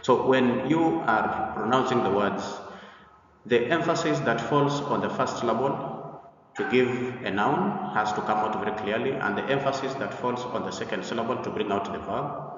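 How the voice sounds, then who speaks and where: A man teaching an English pronunciation lesson, explaining deliberately and repeating himself, with frequent hesitant pauses. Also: mid-range voice, a little hiss or hum. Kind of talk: slide-based pronunciation lesson. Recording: echoey room, far from the mic, dull sound.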